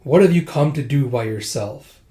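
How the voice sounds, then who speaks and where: Man reading as a smug enemy general from a manga, mocking, boastful, cruel, mid-pitched male voice. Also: expressive, moderate pace, warm tone, reverberant, natural voice.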